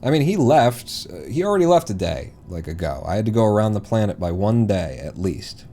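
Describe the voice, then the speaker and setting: A male streamer commenting on his gameplay live in a loose, rambling way, talking to himself and breaking into loud swearing when the game goes wrong. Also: lowish voice, very animated, a little fast, few pauses, slight background noise. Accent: East Coast American, put on.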